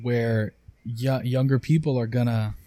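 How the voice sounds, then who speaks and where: A man co-hosting a podcast, giving quick animated opinions in casual chat with casual swearing. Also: medium pitch, no echo. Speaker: podcast co-host.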